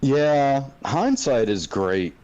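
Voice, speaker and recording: A man chatting casually on a podcast, telling stories with a lot of swearing and halting restarts. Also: mid-range voice, big pitch swings, a little mellow. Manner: storytelling, profane, hesitant restarts. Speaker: podcast guest. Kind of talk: casual chat. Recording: dull lo-fi audio.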